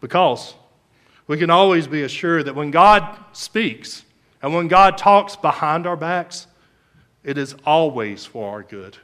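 A man with a slightly high voice preaching from the pulpit, moving between story and prayer. He pushes words out loudly for emphasis, then drops to near-quiet phrases, restarting lines and filling gaps with ums. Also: expressive, measured pace. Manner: swings between loud emphasis and soft, hushed phrases. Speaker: pastor.

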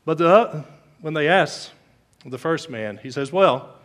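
A man with a slightly high voice preaching from the pulpit, moving between story and prayer. He pushes words out loudly for emphasis, then drops to near-quiet phrases, restarting lines and filling gaps with ums. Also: expressive, slow pace. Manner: swings between loud emphasis and soft, hushed phrases. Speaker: pastor.

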